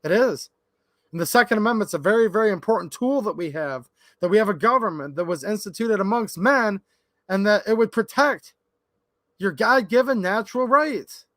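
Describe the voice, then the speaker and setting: In his workshop, a Michigan man hosting a gun channel livestream talks off the cuff, full of opinions and frequent asides to viewers. The fairly high voice has lively intonation, a moderate pace and a fairly bright tone, captured close and dry with no room echo.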